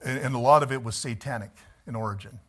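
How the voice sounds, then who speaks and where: A male pastor preaching a sermon, telling stories in an animated way and chuckling as he goes. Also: mid-range voice, fast talker.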